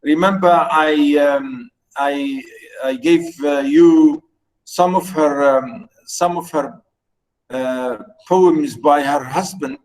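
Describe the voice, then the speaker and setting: A man teaching a literature class over a video call, talking haltingly with many fillers and restarts and reading poetry slowly and fondly. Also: fairly high pitch, fairly even intonation, darkish tone, rough recording. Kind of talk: online lecture.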